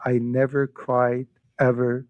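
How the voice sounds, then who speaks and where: A man's voice: mid-range voice, completely flat delivery, slow, no room sound, phone-quality sound. A middle-aged man from Iran, a podcast guest giving an emotional personal faith testimony, often repeating his words as he tells it. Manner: earnest, emotional storytelling with frequent word repeats.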